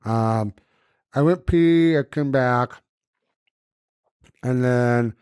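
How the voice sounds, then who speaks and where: A man co-hosting a podcast, telling animated stories in casual chat and swearing freely. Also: mid-range voice, drawn-out words, clean tone, no echo, clean studio sound. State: recovering from jaw surgery. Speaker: podcast co-host.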